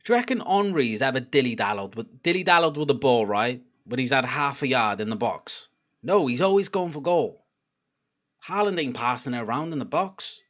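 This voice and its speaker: Chatty young lad reacting live. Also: male voice, mid-range voice, animated, moderate pace. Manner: chatty, swears, shouts at the players, laughs often. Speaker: football watchalong streamer. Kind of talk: casual live match reaction.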